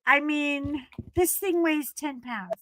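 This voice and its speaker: Bright, high joking woman on a live chat. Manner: quick, joking, animated. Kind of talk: casual live-stream chat.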